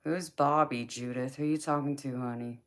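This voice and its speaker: A woman's voice: a bass voice, steady tone, moderate pace. A young woman with a Southern drawl chatting casually with her livestream viewers, reading their comments aloud. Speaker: livestream host. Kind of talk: casual chat with live viewers.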